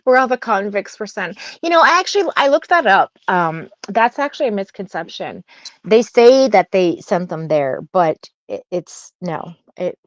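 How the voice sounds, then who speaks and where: Giggly, teasing woman with lively pitch. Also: moderate pace, dry recording. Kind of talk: casual chat. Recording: dull, dry muffled call audio.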